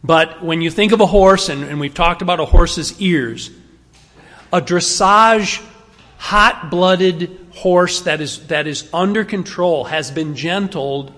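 A male pastor delivers a sermon in a relaxed, conversational manner, pressing hard on key words. His voice sits a touch higher than most men's. The sound carries a long, lingering reverb, as from a church sanctuary. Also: slow. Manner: conversational, emphatic, varying pace and volume.

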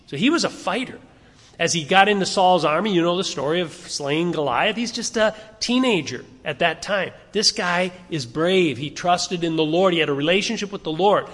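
A man's voice: sits high, a bit bright. Man preaching in a reverberant hall. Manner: conversational, asks the congregation questions. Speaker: pastor. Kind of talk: sermon.

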